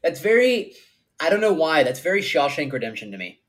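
A man co-hosting a podcast in casual chat, easygoing and quick to agree and joke. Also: a little high, sing-song, a bit bright. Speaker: podcast co-host.

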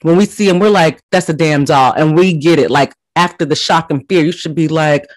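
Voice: medium pitch, a little fast, dry recording. A podcast co-host chatting casually about a horror film, with dry, laid-back reactions.

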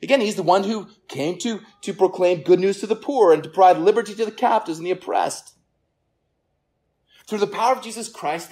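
A pastor preaching a sermon to a gathered congregation. The delivery is earnest, often repeats words, and falls quiet for emphasis. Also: mid-range voice. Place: church service room with listeners.

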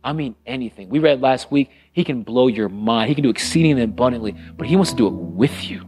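A middle-aged man preaching a sermon as pastor, earnest and conversational, repeating phrases and dropping to a hush on solemn lines. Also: medium pitch. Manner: drops to a hushed voice on solemn lines.

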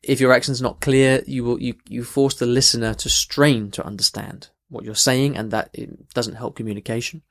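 A man hosts a language podcast and talks through a listener's question. He is earnest and restarts his sentences often, with sudden emphatic lifts. His pitch sits in the middle range. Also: fairly even intonation, moderate pace, gravelly, hardly any pauses. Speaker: podcast host and language coach.

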